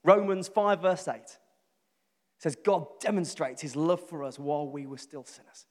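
A man with a Birmingham accent preaching a sermon, telling a funny story about a friend with animated, self-mocking delivery. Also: fairly high pitch, normal speed, big-room sound. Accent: Birmingham English.

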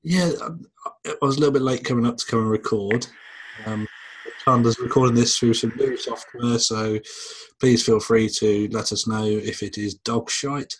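Male podcast host, husky, loose and tipsy, casual swearing. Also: mid-range voice, moderate pace, rough recording. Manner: relaxed, swearing, rambling. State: tipsy after a few beers. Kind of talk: casual chat.

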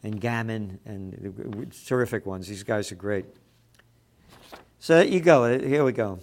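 A man of Italian heritage ranting over news headlines, sarcastic and profane, often shouting. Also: lowish voice, unhurried. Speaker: commentator.

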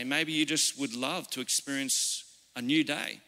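An Australian man preaching in a church, speaking earnestly and conversationally, as if chatting with the congregation. His voice is bright and a touch higher than most men's, and it rings out with the long echo of a large hall. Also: animated, measured pace. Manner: earnest, conversational, personal storytelling. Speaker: pastor. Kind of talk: informal sermon. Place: church service.

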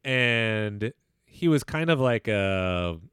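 A man's voice: fairly low pitch, lively intonation, drawn-out words, a bit bright, clean tone, no echo, studio quality. A young man co-hosting a podcast, telling a personal story in loose, candid chat full of swearing and restarts. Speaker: podcast co-host.

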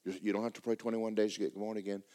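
A man preaching a sermon as pastor in a church, emphatic and repetitive, breaking into fervent shouted prayer. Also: on the low side, little pitch movement, rapid-fire.

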